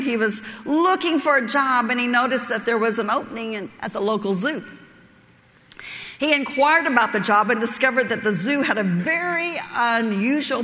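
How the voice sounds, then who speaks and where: A woman's voice: on the high side, a bit bright, in a large hall. A woman preaching a sermon, telling a folksy joke story and laughing at her own lines.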